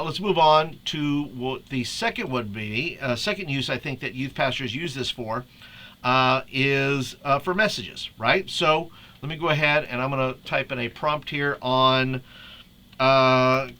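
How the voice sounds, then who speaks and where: Bright-voiced chatty man teaching. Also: medium pitch. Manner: chatty, laughs often, restarts a lot. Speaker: youth ministry leader. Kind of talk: casual screen-share tutorial.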